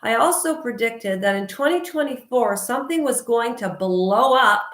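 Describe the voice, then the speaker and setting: A woman vlogger ranting loudly and outspokenly in a casual talk to camera. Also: a little high, animated, moderate pace, reverberant. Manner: loud and outspoken. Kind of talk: casual opinion rant to camera.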